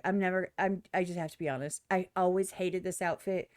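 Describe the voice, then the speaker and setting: A woman's voice: lowish voice, fairly even intonation, brisk, darkish tone, dry recording, clean studio sound. A woman streamer giving blunt, profane reaction commentary on a music video, often mimicking other people in exaggerated voices.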